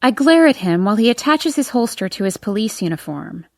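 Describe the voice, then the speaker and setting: First-person audiobook narrator: woman, expressive, mid pitch, dry close studio sound. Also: brisk, creaky, dry recording.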